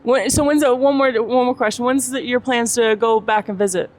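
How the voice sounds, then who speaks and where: A podcast host chatting casually, eager and full of quick agreeing asides. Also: medium pitch, steady tone. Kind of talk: casual chat.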